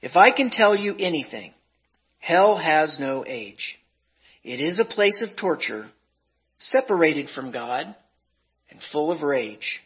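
A male preacher delivering a sermon with a dramatic poem reading, in a slow, deliberate and emotional way. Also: fairly high pitch, very animated, husky. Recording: dull lo-fi recording.

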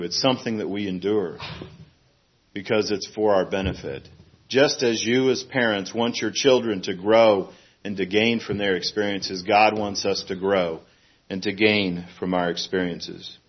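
A middle-aged man preaching a sermon in a plain, earnest way, now and then acting out a fussing parent in a sudden high voice. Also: fairly even intonation, moderate pace, muffled recording.

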